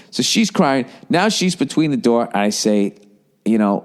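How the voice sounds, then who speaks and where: A man's voice: medium pitch, normal speed. A middle-aged man hosting a podcast, telling a rambling, profane story and nursing a lingering cough. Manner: profane, rambling, animated impressions. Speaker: podcast host. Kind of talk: casual storytelling monologue.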